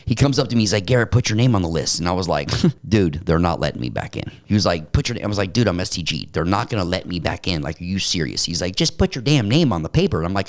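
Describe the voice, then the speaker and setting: Podcast guest: middle-aged man, very low voice, blunt streetwise storyteller, casual. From Arizona.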